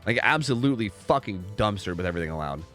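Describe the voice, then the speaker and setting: A man's voice: on the low side, lively intonation, fast, a bit bright, soft background music. A young man casually commentating a game live on stream, rambling, repeating himself and swearing freely.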